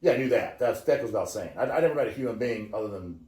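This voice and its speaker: A man around forty rants and tells stories in a loose, profane, excitable way, with a voice of ordinary middle pitch. He is recorded in a roomy space with a noticeable echo. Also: very fast. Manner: profane, excitable ranting storyteller. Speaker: podcast host. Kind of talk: casual chat.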